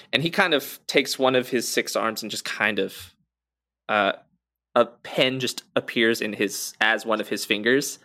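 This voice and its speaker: A man narrating a tabletop game as game master in a relaxed, hesitant way. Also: on the low side, a little slow.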